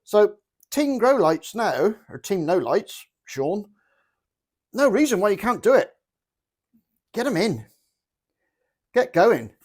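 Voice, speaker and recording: A middle-aged man with a Cornish English accent, chatting casually to camera about his garden in a joking, self-mocking way. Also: sits high. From Cornwall, England. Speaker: gardening vlogger.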